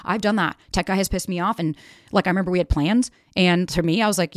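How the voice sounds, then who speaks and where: A woman's voice: lowish voice, steady tone, fast talker, no room sound, studio quality. Frank, emphatic woman podcast host. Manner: frank, emphatic, swears freely. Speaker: podcast host and dating coach. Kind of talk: candid podcast monologue.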